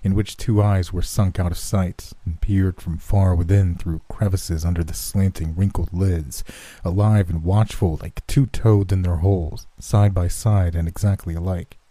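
A man narrating a gothic horror story in a measured, slow storytelling manner. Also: low-pitched, fairly even intonation, mellow, dry recording.

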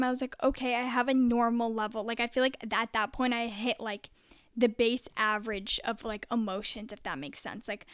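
A young woman speaking in a relaxed, confessional vlog style, her voice a touch high and smooth. She rambles chattily, leaning on "like" constantly. The sound is close and dry with no room echo. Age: young adult. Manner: chatty, peppered with "like". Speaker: vlogger.

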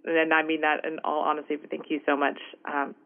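A woman's voice: sits low, brisk, phone-quality sound. A woman from Houston with a Southern accent, telling stories animatedly as an interview guest. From Houston, Texas. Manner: animated, chatty, frequent "right?" asides. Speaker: guest, entrepreneur. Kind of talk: casual interview storytelling.

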